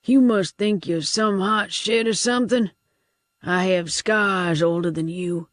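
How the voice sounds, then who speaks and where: A woman voicing a grizzled older male ex-guard leader who makes gruff threats in an audiobook. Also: medium pitch, unhurried, no echo, studio quality, close to an everyday voice. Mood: threatening.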